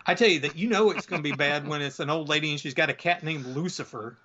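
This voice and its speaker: A man's voice: on the high side, fast talker, sharp tone. A man casually retelling a comic book story, rambling with lots of fillers and acting out bits. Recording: dull lo-fi sound.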